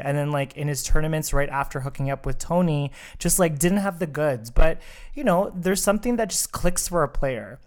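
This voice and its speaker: A man's voice: on the high side, moderate pace. A man co-hosting a podcast, chatting casually in a sassy, emphatic way and filling his speech with "like". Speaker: podcast co-host. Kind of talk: casual chat.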